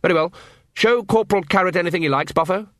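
A man's voice: high-pitched, fast talker, pushed and bright, no room sound, clean studio sound, voice pushed up. A man reading a story aloud, voicing a pompous, evasive male head clown who sounds flustered.

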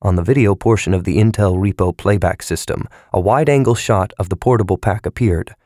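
Reading scripted narration from a novel, this male audiobook narrator keeps a measured, even pace. The pitch is fairly low, and the studio recording is clean and dry.

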